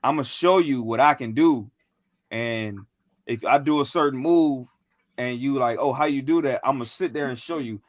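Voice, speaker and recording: A man's voice: mid-range voice, normal speed, dry recording. A young man in casual chat, telling a rambling, slangy story with lots of fillers and restarts. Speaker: podcast co-host.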